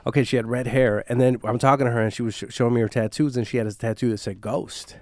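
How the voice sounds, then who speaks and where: Casting note: man, podcast host, mid-pitch, rambling filler-heavy chat, dry close mic. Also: steady tone, fast talker, no room sound. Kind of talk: casual chat.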